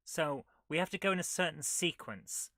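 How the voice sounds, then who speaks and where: Woman, retro gaming host, bright voice, dry close mic, reads game text aloud, wry jokes. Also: deep voice, expressive, moderate pace, dry recording. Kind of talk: casual game playthrough commentary.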